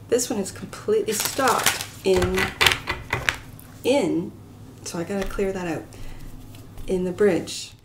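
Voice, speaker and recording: A gentle, soft-spoken woman giving a pick-a-card tarot reading to her viewers, sometimes dropping to a whisper. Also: medium pitch, noisy background. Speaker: tarot reader.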